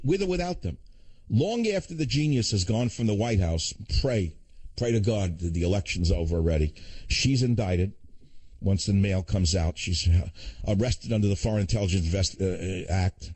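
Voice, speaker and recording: An older man hosting a talk radio show, ranting fast with sarcastic asides. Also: lowish voice, a little mellow, slightly rough, no room sound.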